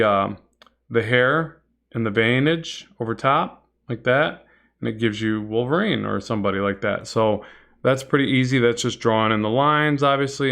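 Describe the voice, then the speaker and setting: A middle-aged man chats through a comic drawing livestream, in a voice of middling pitch. He rambles a little, restarts his sentences and answers viewers as he works. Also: gravelly, a bit bright. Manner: rambling and chatty, many fillers and restarts, reads chat aloud. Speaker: comic art instructor and livestream host. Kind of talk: casual livestream drawing lesson, chatting with viewers.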